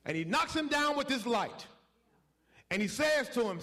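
A man's voice: very high voice, sing-song, moderate pace, long pauses, bright, forceful tone. A man preaching a sermon, emphatic and folksy, calling out to the congregation and pushing for responses.

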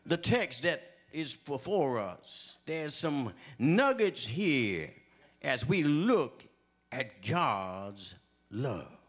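A man preaching a sermon, speaking straight to his congregation, with repeated refrains that build up to shouting. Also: medium pitch, very animated, extremely slow. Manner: addresses the congregation directly, calling for testimony.

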